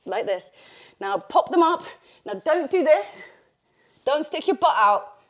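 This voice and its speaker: A woman's voice: sits high, sing-song, measured pace. A woman leading a bodyweight workout, chatty and encouraging, out of breath as she exercises. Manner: chatty, encouraging, with fillers like "like" and "okay". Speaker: fitness instructor. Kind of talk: workout instruction.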